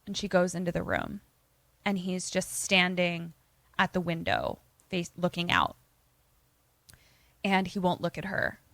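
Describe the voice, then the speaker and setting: A woman co-host casually retells a film on a podcast, slipping into the characters' lines. Her voice sits somewhat low, and the sound is dry and close. She talks in an animated, chatty way. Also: measured pace, gravelly, pauses often, dry recording. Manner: animated, acts out quoted lines.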